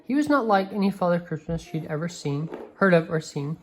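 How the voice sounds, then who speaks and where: A woman reading a picture book aloud to a child, gentle and expressive, with a few slips and restarts. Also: on the low side, a little fast, slight background noise, low-quality recording. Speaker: reader.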